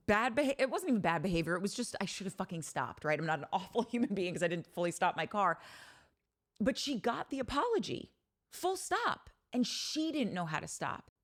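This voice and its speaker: A woman hosting a podcast, talking in a candid, animated monologue, telling stories with frequent swearing and restarts. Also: medium pitch. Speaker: podcast host. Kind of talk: casual monologue.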